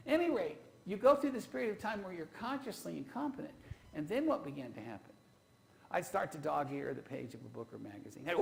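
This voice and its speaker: A man's voice: on the high side, big pitch swings, fairly quick, gravelly, poor audio. A man preaching a sermon, telling folksy stories from his own marriage and putting rhetorical questions to the congregation. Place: church.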